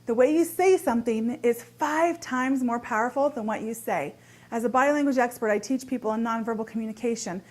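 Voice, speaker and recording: A woman's voice: a little high, a little fast. A woman hosting a short relationship advice segment, talking straight to the viewer in an upbeat, earnest coaching tone as she walks through numbered tips. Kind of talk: direct-to-camera advice talk.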